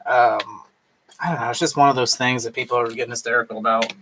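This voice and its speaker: A man's voice: mid-range voice, steady tone, fast talker, sharp tone, slight background noise. Rambling tipsy man on a live stream. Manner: rambling, loose, full of fillers and restarts. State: tipsy from drinking. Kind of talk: casual live stream chat while drinking.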